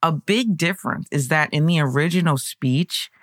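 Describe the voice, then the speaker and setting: A podcast host narrating history in a conversational way, breaking into excited personal asides. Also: mid-range voice, moderate pace, dry recording, clean studio sound.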